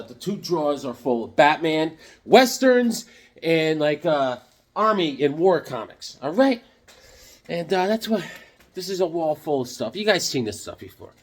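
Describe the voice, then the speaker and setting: A man chatting casually in a vlog, rambling and joking as he shows off his comic collection at home. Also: a little high. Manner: rambling, jokey, loose.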